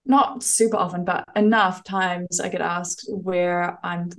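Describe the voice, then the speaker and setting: A woman's voice: fairly low pitch, steady tone, measured pace. A young woman with a New Zealand accent, chatting as a guest in a casual podcast interview, with plenty of fillers and restarts. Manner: chatty, self-deprecating, lots of fillers and restarts.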